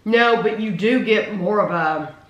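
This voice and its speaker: A woman's voice: mid-range voice, a little slow, a bit bright, highs cut off. A woman hosting a casual taste test, chatting enthusiastically and reading product descriptions aloud. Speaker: food reviewer host. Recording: roomy echo.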